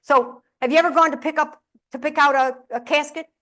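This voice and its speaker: Middle-aged ny woman doing a funny keynote, acts out her family, voice a bit high. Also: steady tone, fairly quick, bright, forceful tone. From upstate New York. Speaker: keynote speaker and humorist. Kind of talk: humorous keynote storytelling. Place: conference room with audience.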